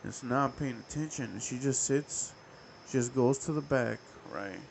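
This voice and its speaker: Young male podcast host, gravelly, animated profane storyteller. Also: medium pitch, moderate pace, a little hiss or hum, rough recording. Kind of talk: casual storytelling.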